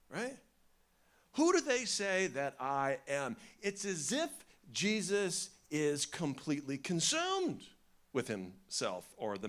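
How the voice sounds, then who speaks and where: Animated male preacher, lively pitch. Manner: animated, conversational preaching with rhetorical questions. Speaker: pastor. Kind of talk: sermon. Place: church.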